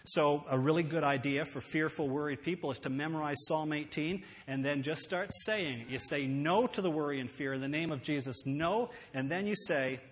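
A man preaching a sermon, earnest and emphatic, slowing down to read scripture aloud. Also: fairly high pitch. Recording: long hall reverb.

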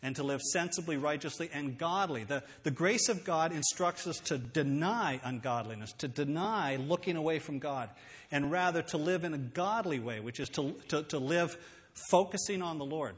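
A man preaching a sermon, earnest and emphatic, slowing down to read scripture aloud. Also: a little high. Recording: long hall reverb.

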